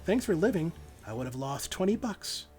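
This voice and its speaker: A man putting on a sneering storybook villainess who toys with her prey, her voice pitched up high and swooping through mocking, sing-song phrasing. Her taunts bounce lively up and down. Faint music sits underneath. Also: moderate pace. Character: taunting, cruel female villain with playful menace.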